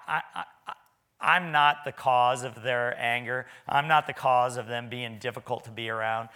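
A man's voice: medium pitch, pushed and bright. A man preaching a sermon in a church, talking in a folksy, conversational way with stammering restarts.

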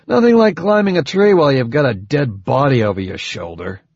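A man voicing a sarcastic, gruff male soldier in an audiobook, with sardonic remarks. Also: medium pitch, expressive, brisk, darkish tone, no echo, voice pushed up. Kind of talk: audiobook character voice. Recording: dull dry lo-fi recording.

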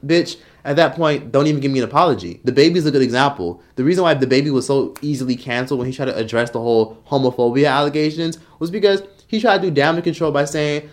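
A young man ranting to camera in a blunt, profane commentary, mocking people with quick impressions. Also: mid-range voice. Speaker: commentary YouTuber. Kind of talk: opinion rant to camera.

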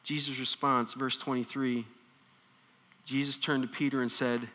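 Animated preacher man in a reverberant hall. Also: medium pitch, measured pace. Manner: animated, swings from soft to intense. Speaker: pastor. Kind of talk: sermon.

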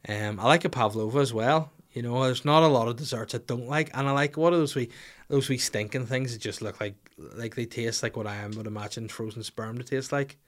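A man's voice: mid-range voice, fairly quick. Male podcast host, swears a lot, rambles and jokes through listener questions. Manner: profane, rambling, jokey. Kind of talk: casual solo podcast answering listener questions.

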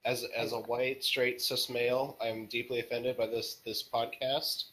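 A man's voice: medium pitch, level tone, normal speed, fairly bright tone, poor audio. A man as a podcast guest, answering questions in a laid-back way with dry jokes. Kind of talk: casual podcast interview.

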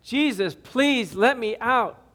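Preacher doing a wailing damned man's soul, begging in a raised, strained pitch. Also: measured pace. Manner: pleading, wailing, high and strained. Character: tormented male skeleton soul in hell, sobbing.

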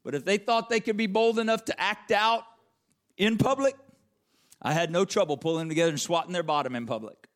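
Pastor, man, slightly high-pitched, emphatic preacher who repeats his points and calls on the congregation by name. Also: fairly quick. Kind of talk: sermon.

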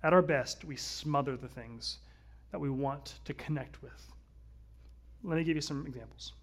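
A man, likely in his thirties, preaching a conversational sermon, earnest, swinging between louder and softer passages. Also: mid-range voice, moderate pace. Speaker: pastor.

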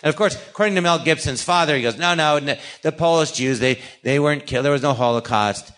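A man's voice: fairly high pitch, fast talker, fairly bright tone. A man from California, a guest actor and comedian, rambling through a story in a casual interview, acting out quoted dialogue and dropping sarcastic asides. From California, USA.

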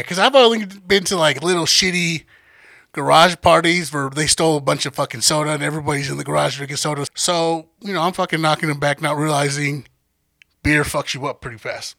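A young man with a gravelly, bright voice, pitched a little high for a man, tells a rowdy story. He acts out every line of dialogue and laughs as he goes. The sound is dry and close, with no room around it. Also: a little fast, no echo. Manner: animated, acts out quotes, laughs often. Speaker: podcast guest storyteller. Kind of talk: casual profane storytelling.

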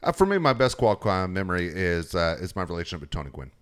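A man's voice: low-pitched, sing-song, clear, resonant tone. A male sports radio reporter telling frank, profanity-laced stories about how his career started. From San Diego area. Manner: quick, frank, sprinkles in profanity. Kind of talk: casual storytelling chat.

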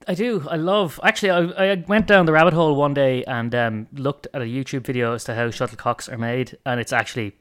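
A man from Ireland co-hosting a podcast, rambling and animated in casual chat. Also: medium pitch, a little fast, hardly any pauses. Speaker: podcast co-host.

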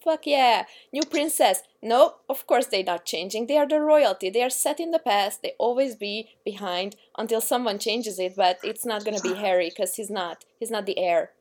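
A woman's voice: mid-range voice, normal speed, hardly any pauses, a little mellow. Blunt, profane American woman. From United States. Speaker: podcast co-host. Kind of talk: casual podcast chat.

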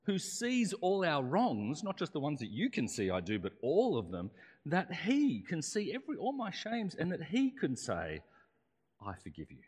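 Man, pastor giving a sermon, conversational with rhetorical questions, very lively intonation, long hall echo. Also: a little high, moderate pace, husky.

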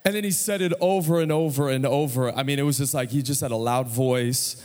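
A male American pastor in his thirties, preaching to a congregation in a casual, storytelling way and often asking the room questions. His voice sits at an ordinary middle pitch. It carries a long reverb that rings through a large church sanctuary. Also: fairly quick, a little mellow. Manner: conversational, storytelling preacher who asks the crowd questions. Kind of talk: sermon.

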